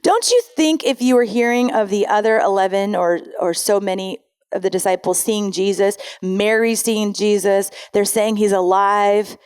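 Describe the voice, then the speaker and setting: A woman's voice: mid-range voice, steady tone, normal speed, a little mellow, smooth. A woman pastor giving a sermon in a conversational way, reading scripture aloud and often correcting herself mid-sentence.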